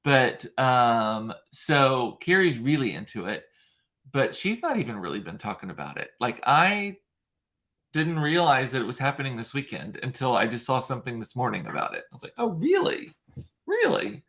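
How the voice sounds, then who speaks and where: A man's voice: mid-range voice, expressive, moderate pace, pushed and bright. A man chatting casually on his own, rambling and gossipy, often correcting himself mid-sentence. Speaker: vlogger. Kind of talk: casual solo chat reading live comments.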